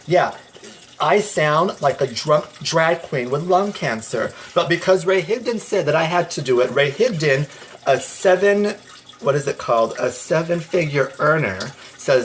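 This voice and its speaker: A man's voice: a little high, lively intonation, measured pace, slight background noise. A man hosting a motivational phone livestream, talking emphatically and reading out viewer comments. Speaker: livestream host.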